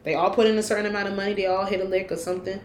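A woman's voice: medium pitch, fairly even intonation, racing, roomy sound. A woman co-hosting a podcast in casual, blunt chat, swearing freely. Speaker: podcast co-host.

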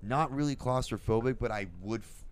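A man's voice: mid-range voice, a little fast, clean tone. A man co-hosting a podcast in casual, crude banter, joking and laughing at his own bits in a garage full of friends. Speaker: podcast co-host. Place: garage with several people.

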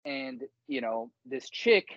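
A young man in casual podcast chat, telling stories with energy and acting out shouted quotes. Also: medium pitch, slow pace, dry recording, lo-fi sound. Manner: animated storytelling, acts out shouted quotes. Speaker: podcast co-host.

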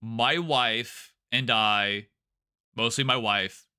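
A man's voice: mid-range voice, very slow, bright, forceful tone, clean tone. A man co-hosting a podcast in casual chat, explaining plans at length with plenty of fillers. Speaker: podcast co-host.

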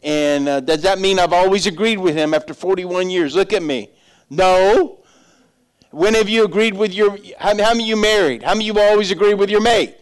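A middle-aged man with a high voice preaches a sermon in an easy, chatty manner. He tells stories and acts out the people in them. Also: brisk, clean tone. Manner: conversational storytelling preacher, acts out voices in anecdotes. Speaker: pastor.

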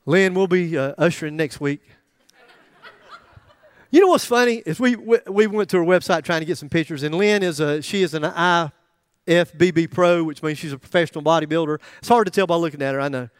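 A man's voice: a little high, fairly quick, clear, resonant tone, dry recording. A middle-aged man preaching a sermon in a joking, conversational way, with asides to the congregation. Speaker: pastor.

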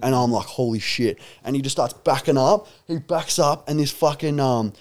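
A man's voice: medium pitch, moderate pace, darkish tone. A young Australian man telling a story in casual podcast chat, swearing and laughing often. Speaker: podcast regular.

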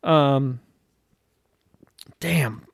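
A man's voice: mid-range voice, extremely slow, gravelly, dry recording, clean studio sound. A man in his thirties from South Carolina, hosting a casual chat and telling a rambling, profane story with self-deprecating laughs.

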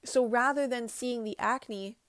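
Her voice is on the high side, steady, unhurried and fairly bright, captured in a dry, studio-quality recording. She's a spiritual wellness vlogger talking casually and sincerely to camera about healing and self-love, speaking directly to viewers and frequently repeating herself.

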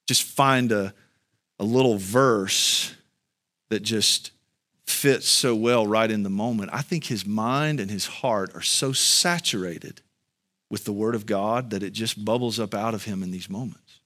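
A man preaching a sermon as pastor, speaking to the congregation in a conversational way and building to loud, high-pitched emphasis. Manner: conversational, addresses the congregation directly.

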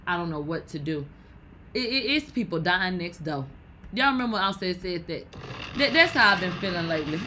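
Bright-voiced, blunt, profane woman host. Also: on the low side, brisk, slight background noise, poor audio. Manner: blunt, profane, loud and animated. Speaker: podcast host. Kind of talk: casual gossip commentary.

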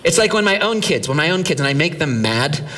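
A middle-aged man, a pastor, preaching a sermon in an animated, conversational way, asking the congregation questions. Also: a little high, fast, distant mic.

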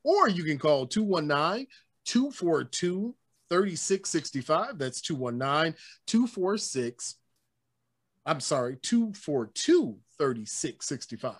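A man co-hosting a casual sports talk show, animated and joking, slipping into voices. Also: on the high side, takes it slowly. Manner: animated, playful, jokes and does voices. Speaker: podcast co-host.

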